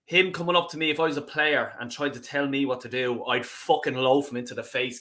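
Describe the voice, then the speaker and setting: A man's voice: a little high, very animated, fairly quick, hardly any pauses, bright, forceful tone. A man hosting a fan reaction livestream, ranting angrily and swearing as he repeats himself. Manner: angry, sweary, repetitive ranting. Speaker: fan channel host.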